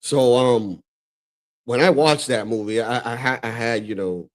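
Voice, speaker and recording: A man from the Dominican Republic hosting a casual reaction stream, talking in a loose, profane, excitable way and laughing often. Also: medium pitch, a little slow. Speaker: streamer host reacting to clips.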